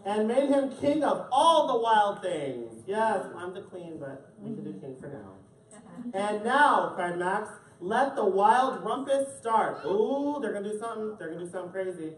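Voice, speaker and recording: Very animated and at a moderate pace, a drag queen with a mid-range voice reads a picture book to the kids, slipping in playful jokes for the audience. The family audience fills an indoor event space, heard in an echoey room far from the mic amid the crowd.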